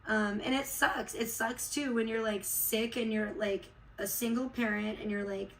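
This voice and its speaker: A woman's voice: a little high, fairly even intonation, moderate pace, a bit bright, low-quality recording. Woman rambling heartfelt on a livestream. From Chicago, USA. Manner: rambling, heartfelt, many fillers. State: recovering from illness. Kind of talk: casual livestream chat.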